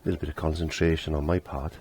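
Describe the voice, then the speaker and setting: A middle-aged man with a low, deep voice talks through a painting lesson in a casual, chatty way. He laughs at himself often and lets his sentences trail off while he concentrates on his brushwork. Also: level tone, racing, darkish tone, a little hiss or hum. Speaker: painting teacher.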